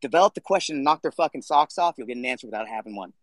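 A man's voice: mid-range voice, lively intonation, rapid-fire, dry recording. A man hosting a casual live audio chat, talking bluntly and swearing freely. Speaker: podcast host.

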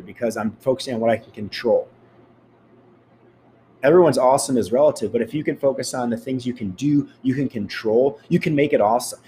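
A man's voice: medium pitch, a little mellow, slight background noise. A man giving a blunt, profane motivational rant, speaking straight to his listeners.

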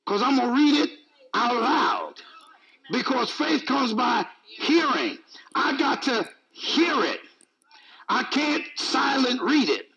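A man delivers a sermon in a high voice that leaps up and down. His tone is gravelly and a bit husky. He repeats phrases for emphasis and slips in teasing humor. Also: big pitch swings, slow pace, muffled recording, crowd noise. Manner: emphatic, repetitive, joking preaching. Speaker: preacher.

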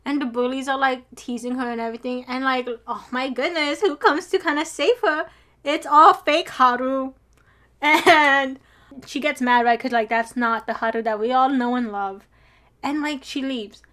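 A young woman with a notably high voice chats excitedly about a drama episode. She gushes and giggles, squealing over her favourite scenes. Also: normal speed. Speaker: co-host recapping a drama. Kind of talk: casual chat.

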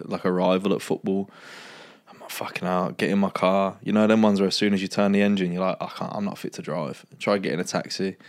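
A young man, co-hosting a podcast and telling stories in casual slangy chat. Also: low-pitched. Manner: laid-back slangy storytelling, laughs often. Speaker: podcast co-host.

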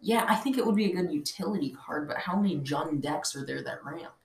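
A woman's voice: low-pitched, animated, fairly quick, gravelly, a little mellow. A woman co-hosting a casual card chat, skeptical, dry and teasing. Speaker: co-host. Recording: roomy echoey room.

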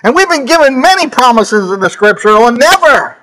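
High-voiced man preaching with swooping emphasis. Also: big pitch swings, brisk, sharp tone, poor audio. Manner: scripture quotes and self-corrections. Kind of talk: sermon.

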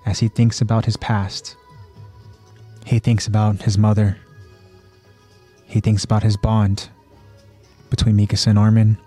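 A man's voice: fairly low pitch, warm tone. A man hosting a podcast, plainly retelling an anime episode with fillers. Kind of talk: episode recap narration.

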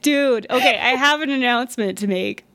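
A young adult woman co-hosting a podcast, telling stories in an excitable, rambling way. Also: on the high side, moderate pace, dry recording. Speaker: podcast co-host. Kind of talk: casual chat.

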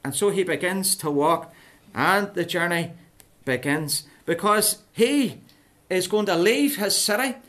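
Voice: medium pitch, measured pace. Playful storyteller for children. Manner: playful, animated, keeps asking the children questions. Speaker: preacher telling a story to children. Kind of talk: children's Bible story talk.

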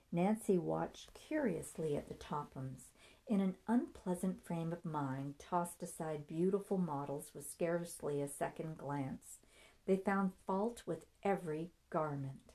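A woman narrating a novel aloud in a steady, measured storytelling voice. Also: low-pitched. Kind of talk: audiobook reading.

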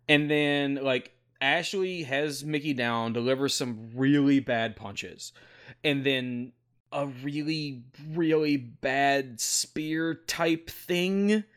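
Bright-voiced man recapping in casual chat. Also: mid-range voice, smooth. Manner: recaps at length with many fillers, swears freely. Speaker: podcast host recapping wrestling.

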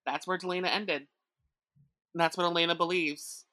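A woman's voice: fairly low pitch, steady tone, normal speed, sharp tone, dry recording, studio quality. A woman co-hosting a podcast, talking enthusiastically about a TV show with rambling "like" fillers. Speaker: podcast co-host. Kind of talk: casual TV discussion.

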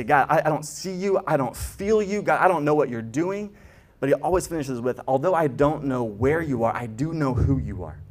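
Earnest man preaching a sermon. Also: mid-range voice. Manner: earnest, builds to emphatic peaks, stammers on restarts. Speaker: pastor.

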